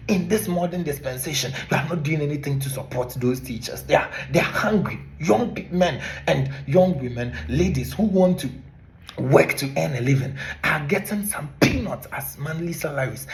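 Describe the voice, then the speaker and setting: A Ghanaian man with a fairly high-pitched voice rants straight to camera, firing off one rhetorical question after another. His tone is indignant and scolding throughout, like a former teacher lecturing people who should know better. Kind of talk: impassioned monologue to camera.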